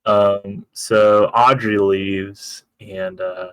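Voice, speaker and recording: Low-voiced man in casual podcast chat. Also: little pitch movement, very slow, clear, resonant tone, no room sound. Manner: joking, profane, loose. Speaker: podcast co-host.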